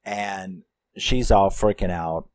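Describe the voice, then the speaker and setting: A man's voice: low-pitched, fairly even intonation, slow pace, a little mellow, poor audio. A man reviewing a film, recapping the plot in a rambling, casual way with lots of fillers and some swearing.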